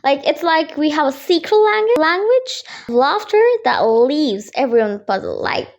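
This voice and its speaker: A woman with a high, bouncy voice that swoops up and down as she tells casual relatable stories. She is giggly and animated, dropping "like" into almost every sentence, and speaks close to a home mic. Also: normal speed, dull audio. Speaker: storyteller. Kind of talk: casual storytime voice-over.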